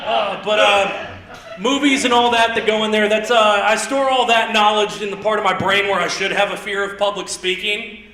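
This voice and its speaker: A man in his thirties doing live stand-up comedy on a theater stage, rambling and self-deprecating with quick asides. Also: high voice, fairly even intonation, sharp tone. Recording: roomy theater sound, mic heard from a distance.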